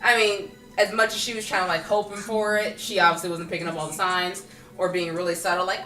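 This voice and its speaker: A woman's voice: medium pitch, brisk. A woman chatting casually in a film review vlog, acting out characters' lines as she goes. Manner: animated, acts out characters' lines. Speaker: vlogger. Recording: roomy echo, distant mic, faint music.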